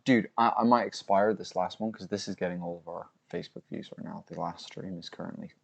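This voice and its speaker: A man's voice: sits low, fast, gravelly, husky. A man co-hosting a live fight stream, chatting casually and chiming in with short, agreeable replies. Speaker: co-host of a fight watch-along stream.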